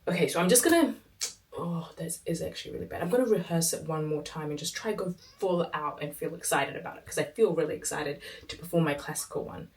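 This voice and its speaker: A woman in her twenties vlogging casually to camera, chatty and rambling, her voice hoarse and sore. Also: low voice, quick pace, long pauses, a little mellow, a little hiss or hum. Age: 20s. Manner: chatty, rambling, self-talk. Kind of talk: casual vlog chat.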